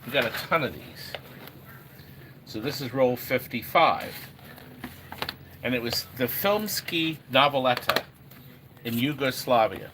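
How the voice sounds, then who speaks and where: A middle-aged man hosts a casual livestream in a mid-pitched voice. He rambles from topic to topic and calls out to viewers by name. Steady room noise sits behind him. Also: a little slow, long pauses. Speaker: livestream host selling arcade games. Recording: noisy room ambience.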